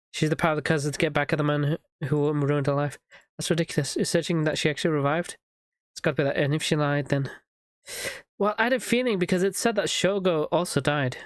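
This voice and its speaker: Brief: streamer reading game lines aloud, quick, mid-pitched voice, dry close sound. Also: clean tone, dry recording. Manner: reads lines quickly, laughs and riffs.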